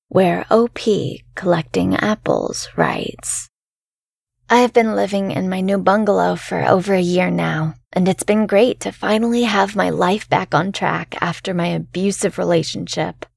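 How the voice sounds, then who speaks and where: A woman reading a first-person horror story in a calm, measured way as the show's narrator. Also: fairly low pitch, gravelly, slightly rough, no echo, clean studio sound.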